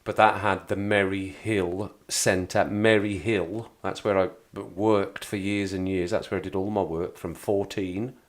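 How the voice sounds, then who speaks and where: Deep and level, his voice moves unhurriedly with few pauses. He's a Black Country livestream host from England with a local accent, talking casually to his live chat in a rambling, chatty way and often repeating himself.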